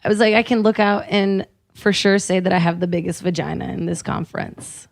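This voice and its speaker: A woman's voice: on the low side, steady tone, fairly quick, vocal fry. A woman comedian guesting on a podcast, chatting playfully and laughing often. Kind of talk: casual comedic banter.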